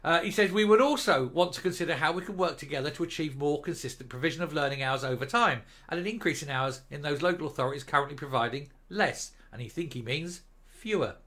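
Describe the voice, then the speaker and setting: A man's voice: fairly high pitch, quick pace, hardly any pauses, bright, forceful tone. An older man reads out news items and mocks them in a sarcastic, scornful rant as the host of a political commentary show. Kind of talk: reading news and ranting.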